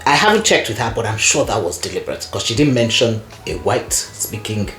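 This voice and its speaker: A woman guest telling stories in casual conversation, animated and laughing often, with lots of "you know" fillers. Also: a bass voice, a little fast, faint music behind. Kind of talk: conversational storytelling. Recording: echoey room.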